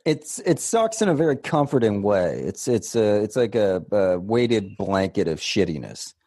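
A man's voice: fairly low pitch, sing-song, normal speed, warm tone, dry recording, studio quality. A man co-hosting a casual podcast, rambling with restarts and casual swearing as he gives his opinions. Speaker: podcast co-host. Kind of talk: casual chat.

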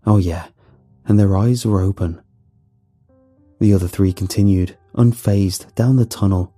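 A man reading a horror story aloud in a dramatic, animated way, with faint music behind. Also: low voice, a little slow. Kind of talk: scripted horror narration.

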